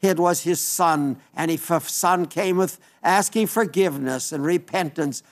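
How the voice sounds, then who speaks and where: A man's voice: a little high, measured pace. A man preaching an evangelistic sermon in an earnest, pleading way, often repeating phrases and restarting sentences.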